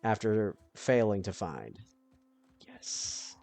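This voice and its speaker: A man giving casual let's-play commentary, thinking aloud and now and then breaking into panicked yelling. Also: medium pitch, expressive, normal speed, dry recording.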